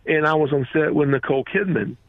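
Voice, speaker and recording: A man who runs a reptile rescue, telling animated stories as a radio interview guest and acting out the quotes. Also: a little high, fast, dry recording, narrow, tinny audio. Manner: animated storyteller, acts out quotes.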